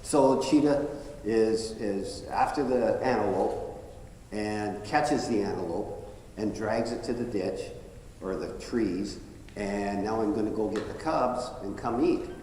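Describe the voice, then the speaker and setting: Man, animated storyteller at a live event, recorded in a big echoey hall. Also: slow. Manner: animated storyteller, voice jumps high when excited. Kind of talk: personal storytelling talk. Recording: echoey hall with faint noise.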